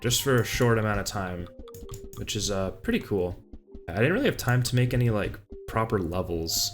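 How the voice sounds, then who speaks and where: Brief: young male game dev, lowish voice, loose and self-mocking, frequent cursing. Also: animated, moderate pace, soft background music. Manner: laid-back, rambling, swears and laughs at own old work. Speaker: indie game developer. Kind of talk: casual commentary over gameplay.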